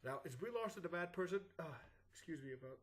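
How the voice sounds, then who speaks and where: A man's voice: on the high side, expressive, fast, low-quality recording. A sick man with clogged sinuses and a groggy morning voice, giving rambling casual commentary as a YouTube host. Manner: rambling, with frequent "uh" and restarts.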